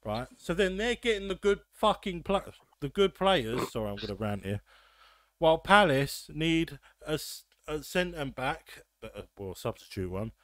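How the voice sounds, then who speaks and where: A man hosting a casual football podcast, ranting and swearing with quick asides. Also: fairly high pitch, very animated, fairly bright tone, no room sound. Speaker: podcast host.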